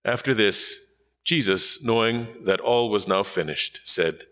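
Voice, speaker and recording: A man reading scripture aloud in a measured, solemn manner. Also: medium pitch, expressive, fairly bright tone. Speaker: scripture reader.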